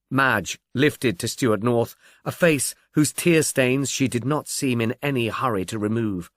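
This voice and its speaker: A man reading a detective novel aloud as narrator, in a measured, expressive storytelling manner. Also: mid-range voice, no room sound, studio quality.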